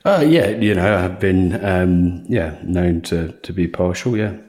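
A man in a casual podcast chat who gives halting, bashful answers. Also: sits low, a little mellow. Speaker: podcast guest.

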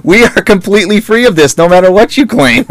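A man's voice: high voice, fairly quick, dry recording. Laughing, joking man co-hosting a radio show. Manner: laughs often, joking and animated. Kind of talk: casual chat.

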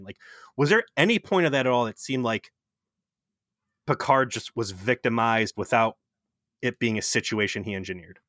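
A man recaps a TV episode with profane, animated storytelling. His voice is bright and forceful, and the sound is close and dry with no room around it. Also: medium pitch, moderate pace, long pauses, no room sound. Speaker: podcast co-host. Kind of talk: casual chat, TV episode recap.

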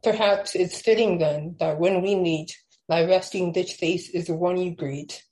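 Young adult woman, low warm tone; casual chat into measured poetry reading. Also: steady tone, rough recording. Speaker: podcast guest, poet.

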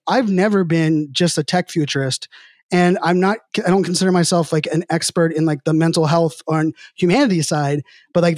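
Middle-aged man, rambling casual storytelling, slightly high voice, dry close sound. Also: darkish tone, no echo. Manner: rambling, heavy use of filler "like". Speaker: podcast guest.

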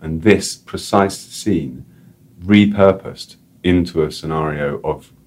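Very deep-voiced, rambling male author. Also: takes it slowly, a little mellow. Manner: rambling, enthusiastic, lots of "like" and restarts. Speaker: author and editor, interview guest. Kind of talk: casual interview chat.

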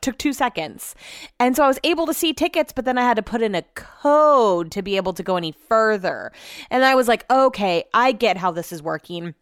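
A woman's voice: mid-range voice, dry recording. Chatty young woman, dry close sound. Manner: rambling, swears casually, animated asides to her dogs. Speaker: vlogger. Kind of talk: casual chatty vlog.

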